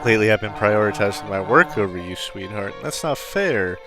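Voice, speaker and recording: A man voicing a weary, guilt-ridden single mother in a narrative video game, speaking softly and hesitantly. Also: fairly low pitch, animated, a little fast, over music. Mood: remorseful.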